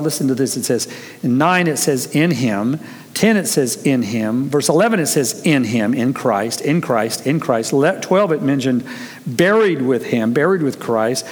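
A man's voice: mid-range voice, normal speed. A man preaching a conversational sermon as pastor, earnest, telling stories and quoting people with animation. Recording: long reverb of a large hall.

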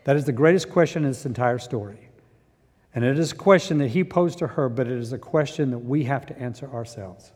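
A man preaching a sermon as pastor, swinging between loud urgent peaks and quiet intense asides. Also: mid-range voice, a little fast. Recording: long reverb of a large hall.

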